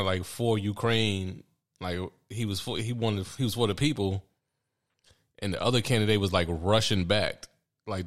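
A man co-hosting a podcast, telling a story casually, laid-back and slangy, laughing now and then. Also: lowish voice. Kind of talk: casual chat.

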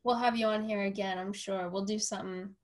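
A woman host tells her story in a relaxed, chatty way. She acts out the quoted lines with plenty of ums and likes. Her voice sits at an ordinary middle pitch. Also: brisk. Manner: animated, acts out quoted dialogue, frequent fillers. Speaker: podcast host and personal trainer. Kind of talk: casual storytelling conversation.

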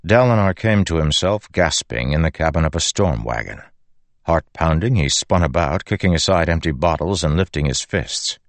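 Brief: male audiobook narrator, measured delivery, low voice. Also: animated, dry recording. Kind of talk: scripted narration.

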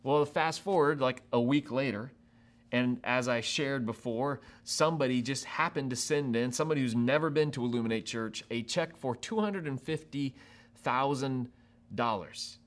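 A pastor preaching a sermon to an online audience, acting out people's reactions with laughs and quick asides. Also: male voice, medium pitch. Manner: animated, acts out quoted reactions with laughs.

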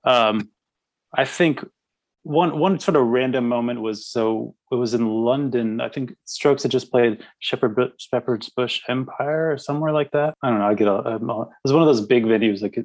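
A man in casual podcast chat, spinning an old band anecdote with plenty of laughter. His voice sits at an ordinary middle pitch, and his delivery is lively and unpolished. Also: normal speed, rough recording. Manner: animated, laughing through anecdotes. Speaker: podcast guest, former band member.

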